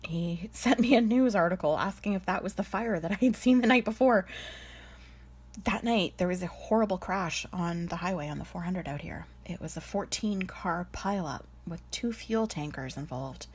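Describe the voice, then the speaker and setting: A woman with a husky, slightly breathy voice, sitting a little low in pitch. She tells her own story as a medium, candid and chatty, often easing down to a hushed near-whisper. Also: moderate pace. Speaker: spiritual medium. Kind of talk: personal storytelling.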